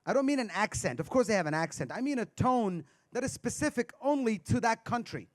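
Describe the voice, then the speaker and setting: A man's voice: very high-pitched, lively intonation, fairly quick. A man doing stand-up comedy on a live stage, teasing the crowd with banter. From India.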